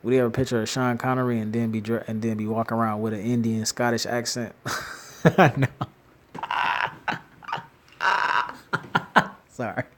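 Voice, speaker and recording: A man talking casually and in a rambling way, animated and slangy, laughing often and restarting his sentences. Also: medium pitch, measured pace, pauses often. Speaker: commentator. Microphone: phone screen-recorder app.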